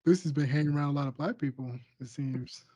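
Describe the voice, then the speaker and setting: A man's voice: on the high side, quick pace, dark tone, no echo. A man co-hosting a podcast, chiming in with short casual comments. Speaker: podcast co-host. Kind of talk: casual chat.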